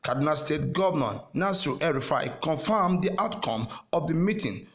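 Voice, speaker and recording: A man delivering a scripted news report in a measured, formal way. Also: a little high, expressive, fairly bright tone. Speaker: news correspondent.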